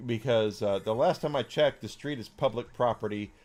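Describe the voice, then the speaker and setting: A man's voice: medium pitch, moderate pace, a little mellow. A man in his forties chatting casually and outspokenly as a streamer, rambling with many fillers. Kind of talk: casual chat while gaming.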